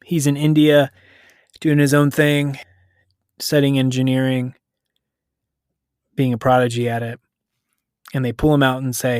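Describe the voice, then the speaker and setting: A man's voice: mid-range voice, level tone, a little mellow, smooth, no echo, studio quality. A man hosting a podcast, casually retelling a story in a loose, conversational way. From United States. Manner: conversational, loose, self-correcting retelling with quick paraphrased quotes.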